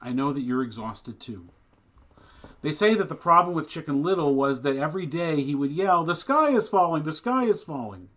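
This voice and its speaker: His voice on the high side and fairly bright, a man acting as rabbi at a synagogue service streamed online starts with plain, conversational announcements. He then preaches a sermon with mounting passion.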